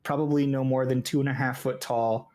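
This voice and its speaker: A man's voice: mid-range voice, fairly even intonation, a little fast, a little mellow. Man narrating as a casual game master. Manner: casual narration with many "like" fillers.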